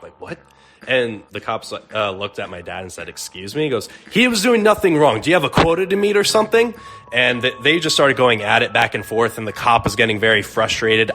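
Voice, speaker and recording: A young man from Arizona telling a personal story in a relaxed, conversational way with lots of fillers. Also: on the low side. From Arizona, USA. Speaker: storyteller guest. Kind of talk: casual storytelling.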